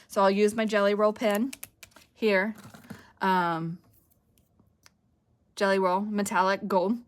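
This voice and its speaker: A middle-aged woman hosting a craft video, chatting casually and thinking aloud as she works. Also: medium pitch. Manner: chatty, giggly, thinks aloud while working. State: a bit winded.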